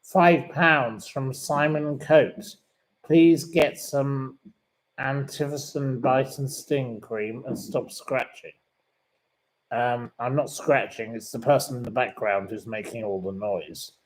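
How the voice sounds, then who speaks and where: Slow-talking indignant man. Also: medium pitch, fairly even intonation, a little hiss or hum, poor audio. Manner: indignant and plummy, repeats himself. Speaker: livestream host. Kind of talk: casual live chat reading viewer comments. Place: sitting room.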